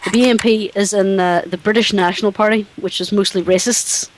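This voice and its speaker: A woman's voice: mid-range voice, steady tone, fairly quick, rough recording. Blunt Northern Irish woman. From Northern Ireland. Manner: blunt storytelling. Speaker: call center worker telling stories. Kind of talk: casual chat.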